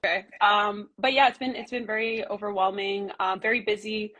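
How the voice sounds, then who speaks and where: A woman's voice: medium pitch, steady tone, a bit bright. Earnest young woman answering over a call. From Canada. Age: 20s. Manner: earnest, halting, with many ums and likes. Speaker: documentary filmmaker and guest. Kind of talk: casual interview answers.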